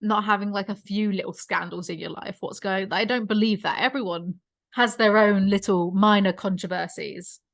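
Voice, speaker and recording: A woman hosting a casual podcast chat, ranting about online creators in an opinionated, animated way. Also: mid-range voice, moderate pace. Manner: ranting, opinionated, self-aware about vocal fry. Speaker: podcast host.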